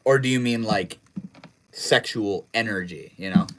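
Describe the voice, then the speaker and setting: A man's voice: measured pace, a bit bright, rough recording. Laid-back young man chatting on a livestream. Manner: laid-back, slangy, trails off into low mumbles. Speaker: livestream host. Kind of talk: casual livestream chat, reading chat messages.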